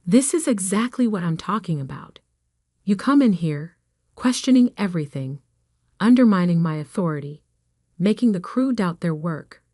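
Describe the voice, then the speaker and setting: Brief: domineering arrogant uncle, cold and dismissive, low dry read by a woman narrator. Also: expressive, normal speed, dark tone, dry recording. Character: arrogant domineering middle-aged uncle, company boss.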